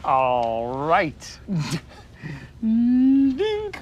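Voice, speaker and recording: A man in a sitcom, an office manager talking in an excitable, giggly, nervous way. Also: sits high, extremely slow, lo-fi sound, a little hiss or hum, full character voice. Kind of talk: sitcom dialogue.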